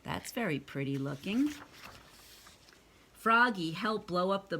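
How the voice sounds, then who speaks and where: Slow, bright-voiced woman reading to kids. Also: on the low side, expressive. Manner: chatty asides to young listeners. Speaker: read-aloud storyteller. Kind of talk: reading a picture book aloud to children.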